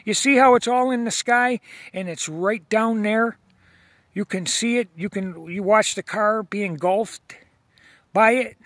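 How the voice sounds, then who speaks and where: High-voiced, slow-talking insistent man. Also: a bit bright, dry recording. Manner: insistent, repeats himself, stammers on restarts. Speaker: video blogger. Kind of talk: filming outdoors, talking to viewers. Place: outdoors at night by a road. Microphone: phone camera held while filming.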